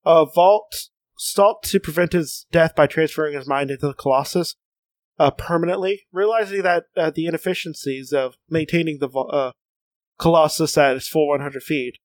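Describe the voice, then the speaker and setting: A man co-hosts a casual comics podcast, reading passages aloud, laughing a lot and often restarting his sentences. His voice is on the high side and his pace moderate, with no echo in the recording.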